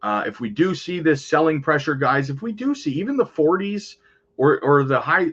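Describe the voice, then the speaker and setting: A man's voice: on the high side, big pitch swings, moderate pace, a bit bright, breathy edge, highs cut off. A man hosting a crypto channel, chatting casually over market charts and often calling out to his viewers.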